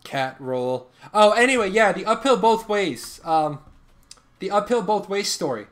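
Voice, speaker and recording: High-voiced man in rambling stream chat. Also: moderate pace. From Ireland. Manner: rambling storyteller, restarts sentences often. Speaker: game streamer. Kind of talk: casual live-stream chat.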